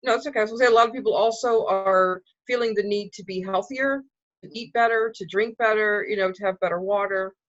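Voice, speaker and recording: A woman's voice: medium pitch, fast, dry recording, dull audio. Reassuring woman explaining spiritual growth. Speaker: spiritual co-host. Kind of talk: casual spiritual chat.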